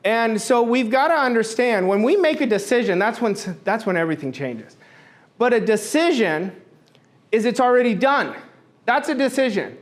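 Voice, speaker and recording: A man's voice: very high-pitched, lively intonation, normal speed. A middle-aged man giving an emphatic motivational talk as a coach, repeating his key phrases for force.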